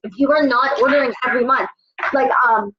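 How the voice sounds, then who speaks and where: A woman's voice: high-pitched, a little fast, lo-fi sound, background noise. A woman leading a casual motivational call for her sales team, blunt and swearing as she gives tough love.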